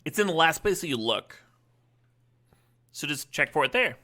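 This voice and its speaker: A man's voice: fairly high pitch, sing-song, normal speed, sharp tone. A male streamer giving casual, playful live commentary on a card game, laughing often and chatting with his viewers.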